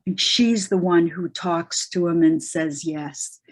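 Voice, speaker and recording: A woman in a study group speaks very slowly and thoughtfully. She is hesitant and pauses often as she works out her question. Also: lowish voice, steady tone. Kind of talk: group discussion.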